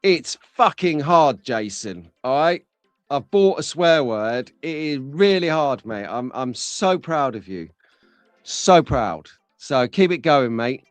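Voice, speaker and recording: A man's voice: medium pitch, animated, slow, no echo, faint music behind. A man hosting a casual live stream, chatty and jokey, talking to viewers by name.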